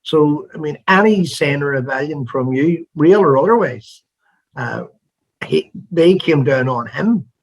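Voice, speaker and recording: A man's voice: a little high, expressive, a little slow, breathy edge, rough recording. A man hosting an interview, asking earnest, searching questions with frequent restarts. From Northern Ireland. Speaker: interview host. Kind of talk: conversational interview.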